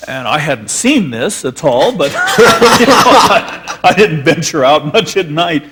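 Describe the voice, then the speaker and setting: A man's voice: fairly high pitch, lively intonation, unhurried, heavy background noise. A man, a filmmaker guest, reminiscing onstage in a rambling, filler-laden storytelling way.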